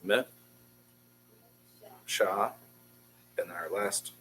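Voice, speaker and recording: A man's voice: low voice, fairly even intonation, drawn-out words, fairly bright tone, a little hiss or hum, rough recording. A man teaching a beginners' Hebrew class, patiently drilling syllables and encouraging his students. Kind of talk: classroom language lesson.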